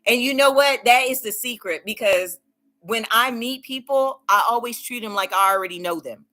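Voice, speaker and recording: A woman hosts a casual livestream, chatting with her viewers and reading their comments aloud. Her voice sits a little high and has a bright, sharp edge. She laughs often and repeats her words of encouragement. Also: moderate pace. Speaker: livestream host.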